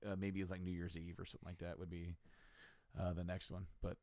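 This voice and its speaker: A man co-hosting a podcast in casual chat, retelling scenes in an animated way. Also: low voice, fast, no room sound. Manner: animated storyteller, acts out scenes with exaggerated voices. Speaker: podcast co-host.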